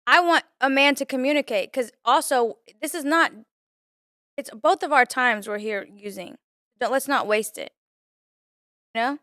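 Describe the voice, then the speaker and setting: A woman's voice: sits high, moderate pace, pauses often, bright, forceful tone, no room sound, studio quality. A young woman chatting casually on a podcast as a guest, earnest and talkative, saying "like" often. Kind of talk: casual chat.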